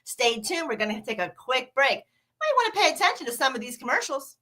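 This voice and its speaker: A woman's voice: high voice, very animated, a little fast, bright, forceful tone. A woman hosting a radio talk show, chatty and casual with fillers.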